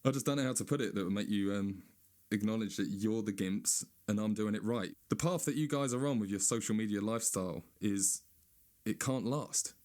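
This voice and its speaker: A man with a fairly low voice, ranting in a stand-up monologue. He swears freely and sounds sarcastic, and now and then he mocks other people in a high whiny voice. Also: fairly quick, darkish tone.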